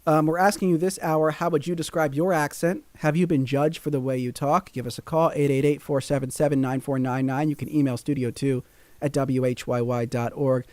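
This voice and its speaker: A man's voice: fairly high pitch, fairly even intonation, a little fast, darkish tone, no echo. Dry-sounding male radio host. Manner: reads listener comments aloud, asks probing questions. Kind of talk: public radio call-in interview.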